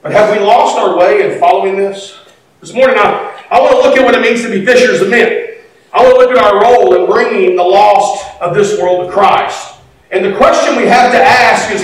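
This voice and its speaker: Brief: middle-aged pastor, folksy storyteller, fairly high voice, distant mic in a very echoey sanctuary. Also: male voice, moderate pace. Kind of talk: sermon. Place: church sanctuary.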